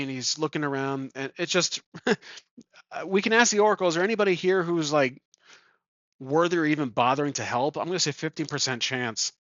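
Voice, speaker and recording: A man's voice: on the high side, steady tone, moderate pace, a bit bright, no room sound, dull audio. A man thinking aloud as he plays a solo tabletop game, chuckling and correcting himself as he goes. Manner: rambling, chuckling, self-correcting. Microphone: desk microphone.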